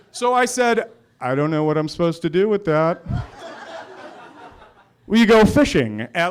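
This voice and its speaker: Animated storyteller, male, acts out lines at a live show. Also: a little high, clear, resonant tone. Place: restaurant storytelling night.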